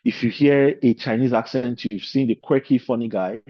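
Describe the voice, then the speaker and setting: A man's voice: medium pitch, steady tone, moderate pace, dry recording. A man giving an informal lecture to a leadership course, talking in loose, discursive asides. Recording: slightly dull, lo-fi recording.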